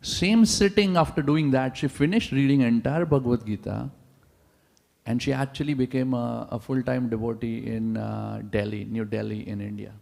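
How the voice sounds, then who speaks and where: A man's voice: medium pitch, fairly even intonation, moderate pace, vocal fry, a little mellow. A man giving a sermon in a large temple hall, telling stories animatedly and asking the audience rhetorical questions. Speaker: preacher. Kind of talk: sermon with storytelling. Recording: long reverb of a large hall.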